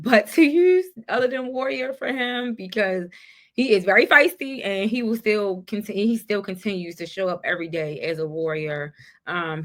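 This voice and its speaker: A woman with a somewhat low-pitched voice talks as a podcast guest, sharing her own story. She is candid and heartfelt, reflecting openly as she goes. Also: a bit bright. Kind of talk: personal storytelling in a conversation.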